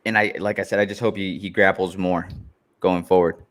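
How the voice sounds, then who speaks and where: Male podcast co-host, lowish voice, calm, quizzes his partner. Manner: measured, asks follow-up questions. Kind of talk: casual fight-talk podcast.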